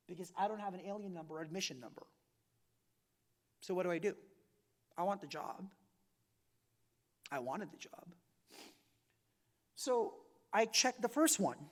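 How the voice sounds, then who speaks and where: Casual forties guy from the philippines chatting to a campus crowd, says right? a lot, echoey hall. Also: sits high. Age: 40s. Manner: chatty, often tags "right?" and "like", loudness swings widely. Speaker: author giving a campus talk. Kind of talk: conversational public talk. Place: university event room.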